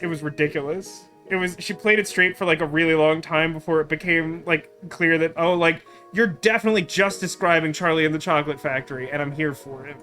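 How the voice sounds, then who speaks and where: A chatty man talks through a point-and-click game in loose, rambling commentary full of fillers. His voice is high and bright, and quiet game music plays underneath. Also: steady tone, fairly quick, hardly any pauses. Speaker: let's play host. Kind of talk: casual gameplay commentary.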